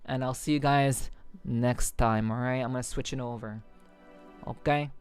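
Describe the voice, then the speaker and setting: A woman's voice: a bass voice, steady tone, normal speed, darkish tone, soft background music. A woman streamer chatting casually with her viewers, rambling with many fillers and restarts and swearing freely. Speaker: VTuber streamer. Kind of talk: casual stream chat reading comments.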